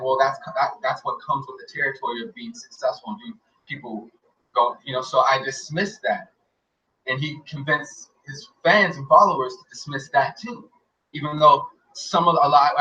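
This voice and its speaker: A man's voice: fairly high pitch, sharp tone, far from the mic, lo-fi sound. A man telling a long personal story in a rambling, profane way, with many fillers and restarts. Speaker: guest recounting an experience.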